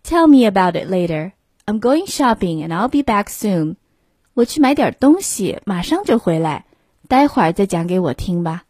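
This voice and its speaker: A woman's voice: mid-range voice, big pitch swings, normal speed, darkish tone, husky, no room sound, clean studio sound. A woman voicing a busy mother of a young boy, fussing and exclaiming. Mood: kind.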